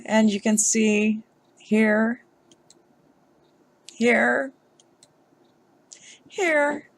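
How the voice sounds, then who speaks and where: A woman vlogger giving emotional commentary on a news story, upset and halting, with sighs. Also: a little high, creaky.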